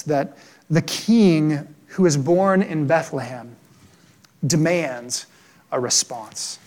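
A man preaching a sermon, earnest and conversational, often tagging "right?" onto his points and slowing to a hushed tone on solemn lines. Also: fairly high pitch. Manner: drops to a hushed, slow delivery on solemn points. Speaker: pastor.

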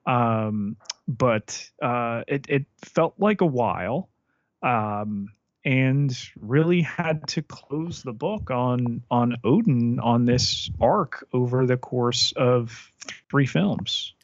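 A man of middle pitch co-hosts a film podcast, speaking slowly and hesitantly and often repeating words as he thinks. The recording is dry and slightly dull, with a muffled top end. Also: lively intonation, no room sound. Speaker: podcast co-host. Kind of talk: casual film discussion.

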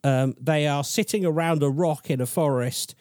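A podcast co-host with a slightly high, darkish voice tells a rambling, chatty story that makes fun of himself, speaking at a normal speed. The studio-quality audio has no echo.

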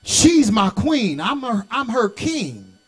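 A middle-aged bishop with a strikingly high voice, preaching to his congregation. He moves from folksy storytelling into shouted, sing-song calls and talks straight back to the crowd. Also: very animated, takes it slowly. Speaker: bishop and pastor. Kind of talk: sermon.

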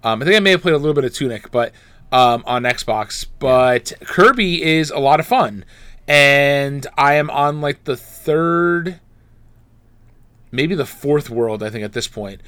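A man co-hosting a podcast, talking in a relaxed casual chat with frequent ums. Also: mid-range voice, measured pace, smooth, dry recording. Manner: relaxed, hesitant with many ums. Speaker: podcast co-host.

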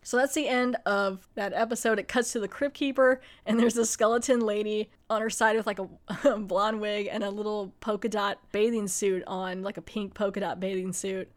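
A woman's voice: mid-range voice, fairly even intonation, normal speed, few pauses. A young woman hosting a podcast, casually recapping a TV episode in a rambling, chatty way full of fillers and laughs. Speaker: podcast host reviewing TV episodes. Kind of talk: casual chat recapping a show.

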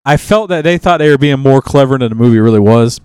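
A man with a smooth, clear voice, recorded dry and close with no room sound. He chats casually as a podcast co-host, rambling with frequent restarts and trailing thoughts. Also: medium pitch, quick pace, dry recording. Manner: rambling, relaxed, with many restarts and trailing sentences. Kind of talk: casual chat.

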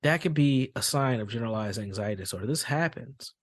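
A man's voice: medium pitch, expressive, brisk, no room sound, studio quality. A man who hosts a mental health podcast and works as a school therapist, explaining in a casual way and telling stories with acted-out quotes. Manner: storytelling with acted-out quotes, frequent fillers.

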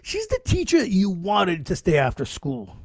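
Man, crude swearing storyteller, upbeat pitch, casual podcast chat. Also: wildly swooping pitch, normal speed, a little mellow, no echo, studio quality. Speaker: podcast host.

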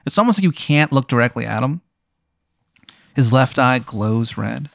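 A man's voice: mid-range voice, lively intonation, moderate pace, vocal fry, fairly bright tone, no room sound. A man acting as game master, narrating an improvised scenario in a loose, rambling way with many fillers. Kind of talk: improvised storytelling.

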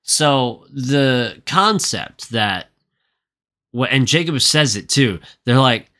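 Bright-voiced man ranting casually. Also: mid-range voice, expressive, slow pace. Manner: profane, ranting, lots of filler words. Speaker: podcast co-host. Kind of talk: casual movie recap.

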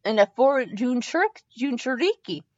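A woman voicing a grumpy, commanding woman leader and healer in a storybook reading, brisk and bossy. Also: fairly high pitch, lively intonation, darkish tone, no echo, muffled recording.

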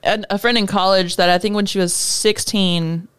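A woman co-hosting a casual podcast, chatty and expressive. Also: mid-range voice, moderate pace, smooth, no echo, studio quality. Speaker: podcast co-host.

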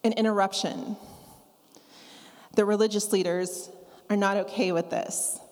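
A woman preaching a sermon, talking conversationally and acting out scripture quotes with lively asides. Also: mid-range voice, measured pace. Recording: long reverb of a large hall.

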